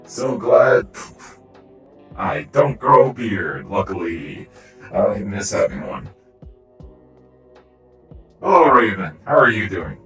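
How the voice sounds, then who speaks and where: A man roleplaying in a game voice chat, jumpy and prone to startled shouts. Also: fairly low pitch, lively intonation, slow, pauses often, roomy sound, distant mic, soft background music.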